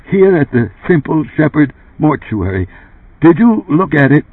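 A tense, suspicious man, as a male audiobook reader puts him on who presses with sharp, accusing questions. The husky voice rises and falls a lot. The sound is dry and thin, like a phone line. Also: fairly high pitch, sing-song, unhurried, dry recording, pitched above the performer's own voice, full character voice. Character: tense, suspicious man confronting his boss.

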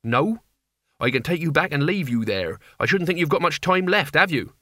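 A man's voice: a little high, sing-song, moderate pace, sharp tone, dry recording, studio quality, voice pushed up. A man voicing an earnest, intense young man in an audiobook. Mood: menacing. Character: young man, anxious turning menacing. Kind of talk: audiobook character voice.

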